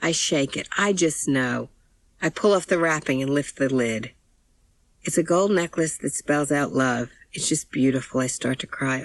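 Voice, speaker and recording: A woman's voice: sits low, normal speed, no room sound, poor audio. A woman reading an audiobook in first person, with plain, intimate storytelling. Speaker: audiobook narrator.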